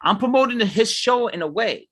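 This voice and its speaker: A man's voice: very high-pitched, animated, moderate pace, a bit bright. A man, co-hosting a casual show, ranting heatedly and mimicking other people. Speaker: podcast co-host. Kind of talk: casual chat.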